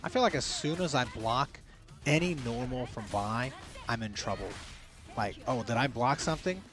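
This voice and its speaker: A man's voice: medium pitch, lively intonation, moderate pace. Easygoing chatty man co-hosting. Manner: easygoing, chatty, reads chat aloud. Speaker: co-host commentator. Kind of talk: casual fighting game co-commentary. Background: music.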